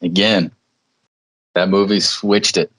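Deep-voiced laid-back man on a podcast. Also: flat delivery, takes it slowly, fairly bright tone, low-quality recording. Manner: laid-back storyteller, mimics people for laughs. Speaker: podcast co-host. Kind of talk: casual chat.

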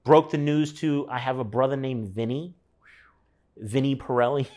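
An artist guest in his thirties tells a personal story in a loose, rambling, casual way, full of fillers and swearing. His voice is medium-pitched with a darkish tone, at a normal speed.

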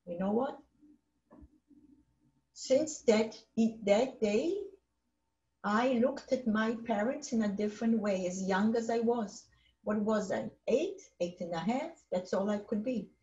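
A woman's voice: on the high side, mellow. Elderly woman giving testimony. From Poland. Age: 80s. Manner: halting, emphatic retelling with repeated phrases. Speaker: Holocaust survivor speaker. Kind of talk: personal testimony. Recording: roomy, slightly dull recording.

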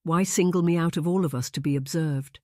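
A narrator voicing an earnest young lady with a raised, bright voice, sounding close and dry. She is gentle but quick to protest, read as an audiobook character. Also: medium pitch, no room sound, close to an everyday voice. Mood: indignant.

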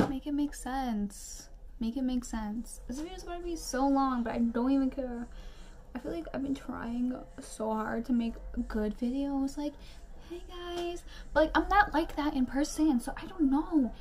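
A young woman vlogging a makeup tutorial, rambling through chatty rants and quick asides. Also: sits high, dark tone. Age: young adult. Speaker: beauty vlogger.

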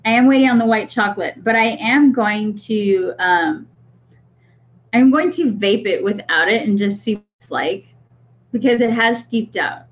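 A woman's voice: medium pitch, moderate pace. A woman co-hosting a livestream in casual chat, laughing often and reading comments aloud. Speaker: co-host of a vaping livestream. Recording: dull lo-fi stream audio.

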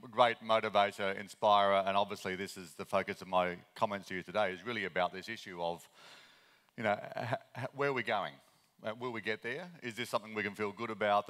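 Aussie guy in his 50s doing a conference talk, low smooth voice, talks fast w lots of ums. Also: a bit bright, long reverb tail. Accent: Australian. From Australia. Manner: fast-talking, earnest, many ums and restarts. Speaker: conference keynote speaker.

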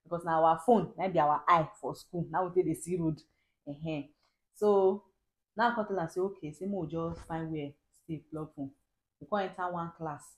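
A Nigerian woman telling, in a lively and animated way, the story of how she met her husband, chatting at home. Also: low voice, normal speed, low-quality recording. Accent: Nigerian Pidgin. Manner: lively, animated storyteller who laughs often. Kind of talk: casual storytelling.

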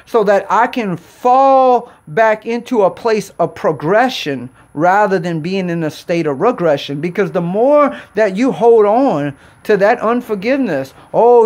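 High-voiced preacher man, earnest. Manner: earnest, repetitive exhortation with fillers and restarts. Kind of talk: sermon.

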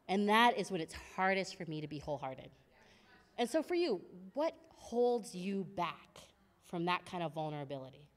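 A young adult woman giving a personal testimony at a women's church service, telling stories with animated voices and frequent laughs. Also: on the low side, moderate pace, big-room sound. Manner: animated storytelling, acts out her own past words, laughs often. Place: church hall.

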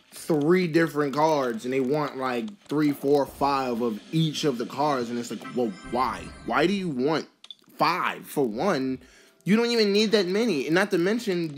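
Casual vlogger opening card packs, slow delivery, prone to excited outbursts and chatty filler; soft music bed. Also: mid-range voice. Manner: excitable, bursts into exclamations; rambling, filler-heavy musing. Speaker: card pack opening video host. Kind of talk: casual pack-opening commentary.

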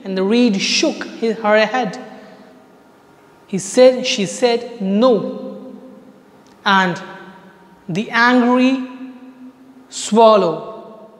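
A man's voice: high voice, drawn-out words, pauses often. A man with an Indian English accent, teaching an online class: he reads a story passage aloud, then retells it in simple words. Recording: echoey room with long reverb.

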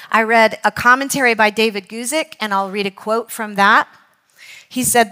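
A woman's voice: fairly high pitch, fairly bright tone. Earnest woman giving a church talk. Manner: earnest, reads quotes slowly, with self-corrections. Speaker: Bible study teacher. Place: church hall.

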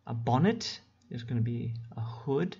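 A man teaching English in a relaxed, unhurried way at his computer, with fillers as he goes. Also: medium pitch, vocal fry, slightly rough. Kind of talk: casual screen-recorded lesson. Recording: dull lo-fi home recording.

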